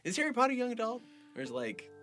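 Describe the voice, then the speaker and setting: A man's voice: very high voice, very animated, fast talker, over music. A man co-hosting a podcast in casual banter, joking and teasing. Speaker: podcast co-host.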